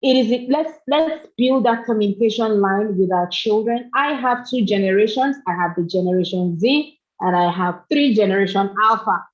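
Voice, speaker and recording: A middle-aged woman gives a motivational talk at a parenting summit, her medium-pitched voice at normal speed with hardly any pauses. She's earnest and repeats phrases for emphasis, captured on a dull lo-fi recording.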